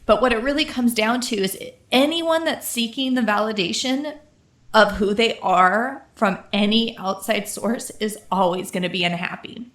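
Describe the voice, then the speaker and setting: A woman's voice: a little high, normal speed, a bit bright. A woman co-hosting a podcast in casual conversation, emotional and close to tears, with "like" scattered through her speech. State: teary, close to crying. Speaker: podcast co-host. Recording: echoey room.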